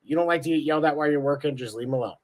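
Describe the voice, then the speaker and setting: A man with a slightly high voice talks sports in a blunt, casual way. He swears freely and cracks jokes as he makes his points. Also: racing. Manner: blunt, profane, joking. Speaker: podcast co-host.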